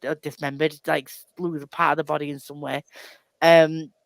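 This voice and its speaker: A woman's voice: sits low, flat delivery, normal speed, vocal fry, no room sound. A woman chatting casually about a book on a live show, rambling with many restarts and self-deprecating laughs. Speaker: book club co-host.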